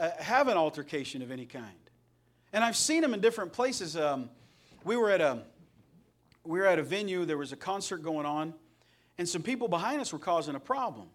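Pastor, middle-aged man from Indiana, high voice, folksy storyteller with a joking streak. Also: a bit bright. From Indiana, USA. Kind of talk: sermon.

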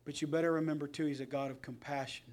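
A middle-aged male pastor, preaching a Sunday sermon that swings between loud passion and soft earnestness. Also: a little high, steady tone, fast.

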